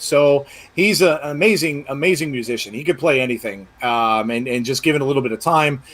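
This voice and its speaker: A man's voice: medium pitch, brisk, fairly bright tone. Rambling male podcast co-host. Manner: rambling, many fillers and restarts. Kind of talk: casual live-show chat.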